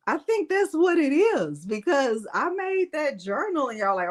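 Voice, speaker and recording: Woman in her sixties, livestream host, higher-pitched, chatty and playful. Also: animated, unhurried. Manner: chatty, greets viewers by name, playful fussing. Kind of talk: live Q&A chat, reading viewer comments.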